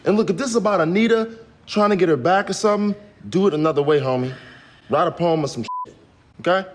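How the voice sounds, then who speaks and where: A man's voice: high voice, fast, slight background noise, close to an everyday voice. A man playing a cocky, teasing street racer. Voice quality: teasing, slangy. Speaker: video game character.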